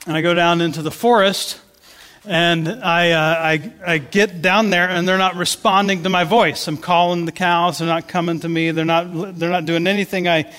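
A man's voice: sits high, steady tone, normal speed, a bit bright, big-room sound. A man giving a sermon, telling a story in a conversational way with many restarts. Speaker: pastor.

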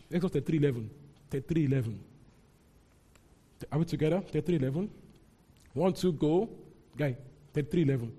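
A man teaching from the Bible to a congregation, lively and often breaking into mock outrage as he retells a story. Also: fairly high pitch, fast, pauses often, husky. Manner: animated, rising into mock outrage when voicing characters. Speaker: preacher.

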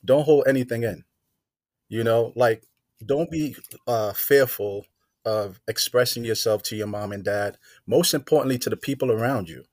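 A man's voice: mid-range voice, moderate pace, no echo, studio quality. A man guesting on a podcast, telling stories in casual chat and acting out the voices of the people he quotes. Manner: animated, acts out quoted voices.

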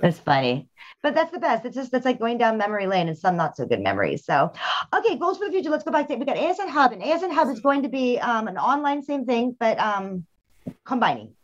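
A woman hosting a podcast, telling frank, animated stories in casual chat with bursts of laughter. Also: on the high side, quick pace. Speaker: podcast host. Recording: dull lo-fi sound.

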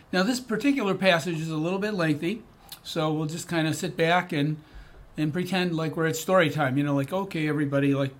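A middle-aged man, a deacon, giving a casual daily scripture reflection, retelling the story in a chatty way with lots of asides and fillers. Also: on the high side.

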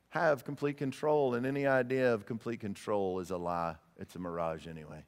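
A man's voice: lowish voice, fairly even intonation, brisk, hardly any pauses, big-room sound. A male pastor preaching a sermon, earnest and emphatic, often repeating words as he presses a point. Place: church sanctuary.

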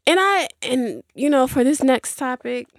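A woman's voice: high-pitched, lively intonation, measured pace, dry recording, clean studio sound. Chatty young woman rambling through a story. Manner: chatty, rambling, with many fillers and asides. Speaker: podcast host. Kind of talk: casual storytelling monologue.

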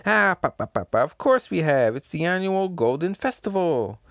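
Man doing jolly giant pirate queen, high, loud, dry close mic. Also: sing-song, normal speed, dry recording. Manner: high laughing put-on voice. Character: booming giant woman pirate captain.

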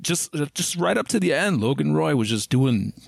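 A man co-hosting a film and TV podcast, talking casually in a halting way with many fillers. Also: a little high, very animated, vocal fry, dry recording, studio quality. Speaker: podcast co-host. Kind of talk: casual chat.

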